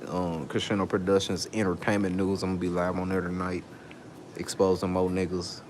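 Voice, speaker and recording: A man with a low-set voice vents straight to camera in a heated monologue. He swears freely, and his voice leaps up sharply when he gets worked up. A faint background hum sits under his talk. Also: little pitch movement, brisk. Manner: angry ranting, swearing, voice leaping up when worked up. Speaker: vlogger.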